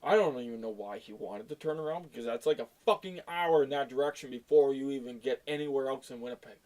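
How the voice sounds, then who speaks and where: A blunt, foul-mouthed man in middle age tells a long story from his work as a tow truck driver. His voice sits at an ordinary medium pitch, and he sounds fed up and exasperated throughout. He is from Canada. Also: fast talker, a little mellow. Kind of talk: casual storytelling rant.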